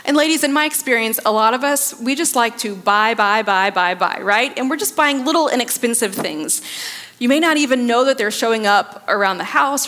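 A woman's voice: fairly high pitch, a bit bright. A woman in her thirties giving a sermon to a church audience, engaging them with questions and laughing at her own jokes. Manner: engaging, asks the audience to respond. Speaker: speaker at a church service. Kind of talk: sermon on faith and finances. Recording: reverberant hall.

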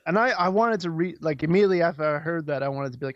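A man co-hosting a podcast in casual chat, excitable and profane, often trailing off mid-sentence, on a dull lo-fi recording. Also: fairly high pitch, racing, no room sound. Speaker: podcast co-host. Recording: dull lo-fi sound.

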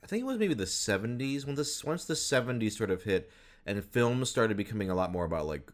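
Very low-pitched male co-host, casual rambling chat, lots of ums. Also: lively intonation, brisk. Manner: rambling, many fillers and restarts. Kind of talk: casual chat about voice actors.

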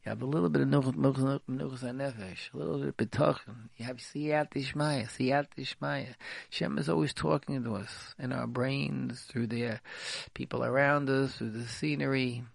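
Gravelly man repeating his advice. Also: mid-range voice, steady tone, moderate pace, dry recording. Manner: repetitive, emphatic, repeats phrases. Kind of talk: radio talk, spoken advice.

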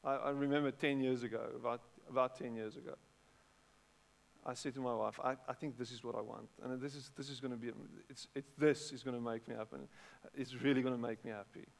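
A middle-aged man with a South African accent, preaching a sermon in a conversational way, repeating words and breaking into animated bursts. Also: mid-range voice, fairly quick, vocal fry. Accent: South African English. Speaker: pastor. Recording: long hall reverb.

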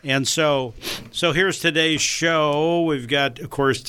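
A man's voice: a little high, slow pace, pushed and bright, smooth. A man co-hosting a casual podcast, joking and teasing his co-host. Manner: jokey, teasing.

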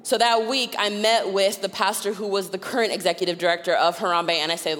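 A woman preaching a sermon, telling personal stories with animated delivery and frequent laughter. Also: on the low side, fairly quick, hardly any pauses, long reverb tail. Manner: animated, acts out voices in her stories, laughs often. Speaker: guest preacher. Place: church sanctuary.

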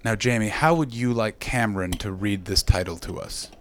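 A man's voice: on the low side, moderate pace, a bit bright, slight background noise. A man from Canada doing stand-up crowd work, brash and teasing, swearing freely, on a handheld mic. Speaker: stand-up comedian. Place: comedy club stage.

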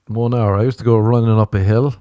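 A man's voice: on the low side, flat delivery, a little fast, dark tone, no echo, clean studio sound. Sweary, rambling Irish man. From Ireland. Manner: rambling, sweary and self-mocking. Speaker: podcast host. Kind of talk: casual comedic monologue.

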